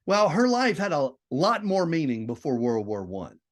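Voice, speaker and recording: A man teaching a literature class in an animated, digressive way, swinging between loud emphasis and quiet asides. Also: on the high side, moderate pace. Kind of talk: classroom lecture.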